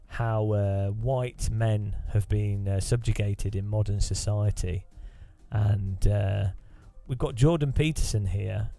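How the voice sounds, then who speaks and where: A man's voice: lowish voice, mellow, no room sound. A man voicing a smarmy male podcast host who hawks supplements in a mock-salesy, upbeat way full of filler. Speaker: streamer.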